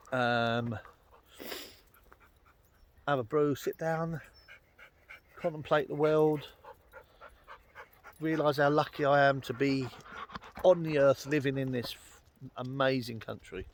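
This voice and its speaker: A bloke from London rambles during a hill walk in Wales, his mid-range voice full of ums and uhs. Faint outdoor noise comes through, and dogs are nearby as he chats casually for his vlog.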